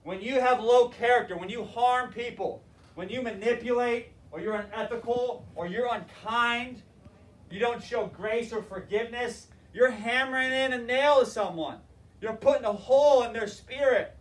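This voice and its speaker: A male teacher giving a classroom lecture on leadership and telling stories in an animated, emphatic way. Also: extremely high pitch, normal speed. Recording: roomy, distant mic, faint noise.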